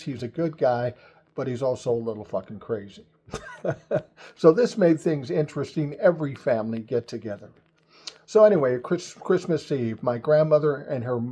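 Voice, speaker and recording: A man's voice: mid-range voice, mellow, low-quality recording. An older man telling a family story in a casual, chatty, profane way.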